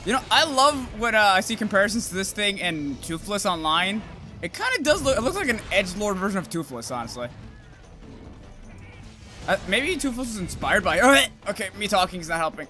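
High, lively gaming streamer man. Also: brisk, soft background music. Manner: swears and yells at the monster, sudden whoops. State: just woke up, groggy. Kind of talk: live gameplay commentary.

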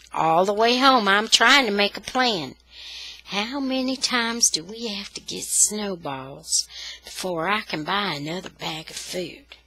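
A woman reading a children's novel aloud in an expressive storytelling style. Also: medium pitch, no room sound, low-quality recording. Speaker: storybook reader.

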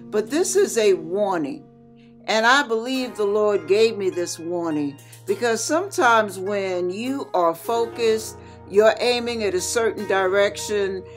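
An older woman pastor delivers a spoken warning sermon in a slow, unhurried way. She talks earnestly and plainly, with a folksy tone and the odd humorous aside. Faint instrumental music plays softly behind her. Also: mid-range voice. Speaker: ministry channel host and pastor. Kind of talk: sermon-style talk recounting a dream as a warning.

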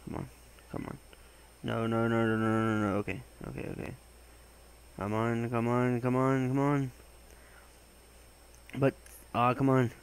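A young man giving gaming commentary, excitable and swearing, with loud exclamations and a voice that cracks. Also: medium pitch, unhurried, long pauses, slight background noise, low-quality recording. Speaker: gaming channel host.

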